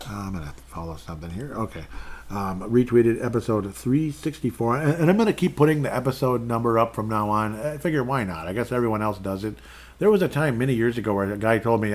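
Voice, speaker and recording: Male podcast host, lower register, loose and chatty, reads fan comments on air. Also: quick pace. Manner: rambling, chatty, reads fan posts aloud. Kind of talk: casual solo sports podcast.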